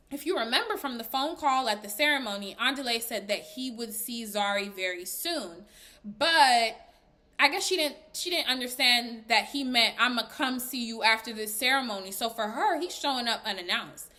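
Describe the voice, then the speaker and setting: A woman giving a casual, chatty recap of a reality show, animated and full of fillers, often breaking into laughs. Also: a little high, normal speed. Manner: laughs while talking. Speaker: recap vlogger.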